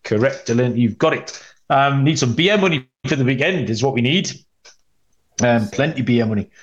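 A man's voice: medium pitch, animated, normal speed, dull audio. A man hosting a sports betting podcast, chatty and rambling with many ums, tossing in cheeky asides. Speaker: podcast host, betting analyst.

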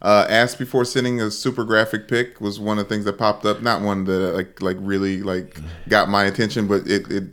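Male sports podcast co-host, low voice, dry deadpan wit. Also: brisk, hardly any pauses. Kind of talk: casual sports chat.

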